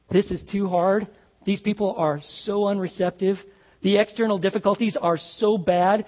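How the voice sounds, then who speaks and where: A man's voice: fairly high pitch, slightly rough. A male pastor preaching a sermon in a conversational, emphatic way, with asides to the congregation. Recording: dull lo-fi sound in a reverberant hall.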